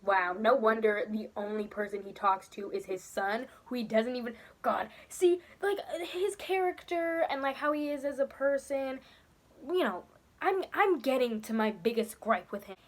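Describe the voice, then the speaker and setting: Brief: young female vlogger, emphatic and exasperated, fairly high voice, repeats lines for punch. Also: lively intonation, moderate pace. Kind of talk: casual vlog rant about a film.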